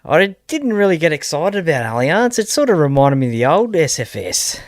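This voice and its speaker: A man's voice: a little high, very animated, a little fast, no room sound, clean studio sound. An Australian man talking casually as a guest fan, easygoing and a little hesitant. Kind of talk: casual sports chat.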